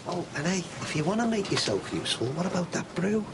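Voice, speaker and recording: An actor playing a wry, teasing boss, in a TV drama with background noise. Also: male voice, sits high, sing-song, quick pace. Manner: jokey, teasing.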